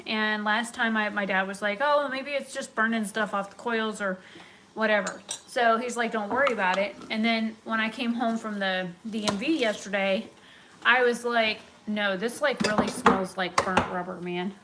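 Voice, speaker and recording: A woman's voice: mid-range voice, steady tone, normal speed. A young woman chatting casually during a live stream from her kitchen, rambling and going off on tangents. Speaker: vlogger. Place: home kitchen. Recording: home recording with clear background noise.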